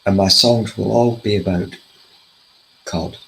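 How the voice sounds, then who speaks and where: A man in a relaxed talk show with a fairly low voice. He keeps things light, cracking jokes and laughing easily as he chats about politics. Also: a little slow, gravelly, slight background noise, poor audio. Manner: jokey, laughs often. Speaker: host. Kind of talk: casual political chat.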